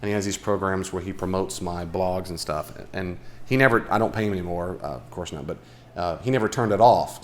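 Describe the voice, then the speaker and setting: A man leading a casual Bible study group, chatty and animated, talking with asides to the people in the room. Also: lowish voice, slight background noise. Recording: live room recording, faint background.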